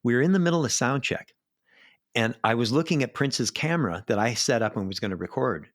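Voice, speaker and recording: A middle-aged man, a live sound engineer, telling animated backstage stories in a casual interview. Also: medium pitch, brisk, no room sound, clean studio sound. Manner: animated anecdotes, acts out quoted voices.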